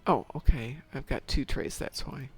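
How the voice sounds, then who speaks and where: A woman's voice: a bass voice, animated, moderate pace, slightly rough, faint music behind. A middle-aged woman streaming a game, chatting casually and talking to herself as she plays. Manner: chatty, rambling, self-talk while playing. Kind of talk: casual chat while gaming.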